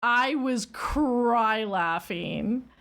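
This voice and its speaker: Lively high-voiced woman streamer. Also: extremely slow. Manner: animated storytelling, rambling, squeals when excited. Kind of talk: casual stream chat.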